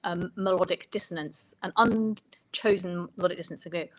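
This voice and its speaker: A woman's voice: fairly low pitch, loud music behind the voice, rough recording. Woman songwriting coach, talking through ideas step by step, reflective and explanatory. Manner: thoughtful, explanatory, pauses to rephrase.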